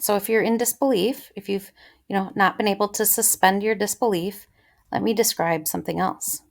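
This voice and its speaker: Chatty, gravelly woman teaching literature. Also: fairly low pitch. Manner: chatty, thinking aloud with many ums. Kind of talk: casual close-reading lecture.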